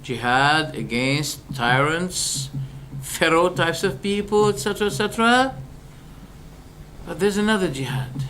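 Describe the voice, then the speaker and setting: High-voiced man preaching with animated questions. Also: measured pace, a little hiss or hum. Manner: animated and rhetorical, firing questions and acting out exchanges. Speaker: Islamic preacher. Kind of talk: religious lecture.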